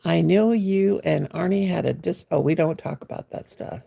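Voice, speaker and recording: Gravelly-voiced woman in her sixties. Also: on the low side, moderate pace, warm tone. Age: 60s. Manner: chatty, greets viewers by name, homey and folksy. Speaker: crochet livestream host. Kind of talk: casual live-stream chat. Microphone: phone.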